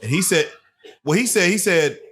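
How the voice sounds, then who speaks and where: A man hosting an interview, relaxed and agreeable, asking his guest questions. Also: high-pitched, moderate pace, slightly rough. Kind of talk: casual interview talk.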